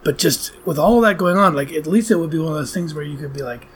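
A man's voice: a little high, quick pace, fairly bright tone, a little hiss or hum. A man co-hosting a podcast in casual chat, rambling incredulously about a movie. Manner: rambling, incredulous, laughing asides. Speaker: podcast co-host reviewing a movie.

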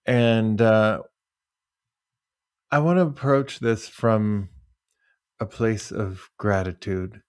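A man hosting a podcast who chats casually, tells animated stories and jokes, and leads the segments. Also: on the low side, slow, pauses often, smooth, no room sound, clean studio sound. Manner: animated storyteller, doing voices, joking. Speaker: podcast host. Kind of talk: casual chat.

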